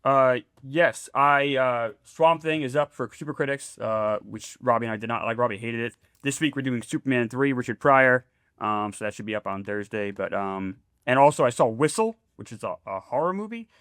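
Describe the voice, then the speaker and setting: A man with an average pitch gives measured film opinions, sometimes stumbling as he starts a thought. The sound is dry and close. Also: lively intonation, a bit bright, clear, resonant tone, no room sound. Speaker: podcast co-host. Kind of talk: casual film chat.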